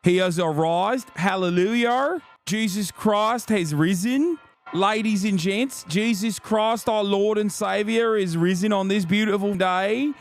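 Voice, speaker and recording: A man putting on the voice of an exultant male preacher, booming out drawn-out, sing-song exclamations. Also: very animated, vocal fry, fairly bright tone, faint music behind, heavily acted.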